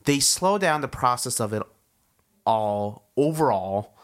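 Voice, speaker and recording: A man's voice: mid-range voice, expressive, measured pace, a bit bright. A man co-hosting a podcast in casual chat, opinionated and teasing, often breaking into laughter. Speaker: podcast co-host.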